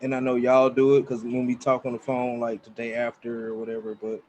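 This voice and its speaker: A man's voice: medium pitch, monotone, a little fast, darkish tone, a little hiss or hum. A man co-hosting a podcast in a playful, teasing casual chat. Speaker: podcast co-host.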